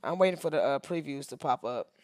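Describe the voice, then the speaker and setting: A woman photographer commenting live while editing photos, talking to herself, swearing freely, and swinging from loud outbursts to hushed murmurs. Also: deep voice, lively intonation, fairly quick. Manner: profane, talks to herself. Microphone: streaming setup mic.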